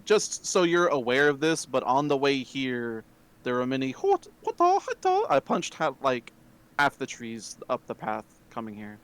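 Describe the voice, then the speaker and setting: A man's voice: medium pitch, very animated, a little slow, fairly bright tone, smooth. A man playing a tabletop game, making a rambling, repetitive aside. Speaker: player.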